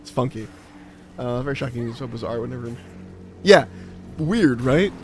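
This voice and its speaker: A man's voice: medium pitch, animated, moderate pace, faint music behind. A young man streaming a game, chatting casually and rambling through explanations with lots of "like". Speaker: livestreamer. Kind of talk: casual chat while gaming.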